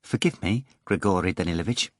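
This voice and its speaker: A man voicing an explosive, hot-tempered male theatre manager who yells and roars in a rage. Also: deep voice, a little fast, dry recording, studio quality, natural voice. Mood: anxious. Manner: yelling, roaring in a rage.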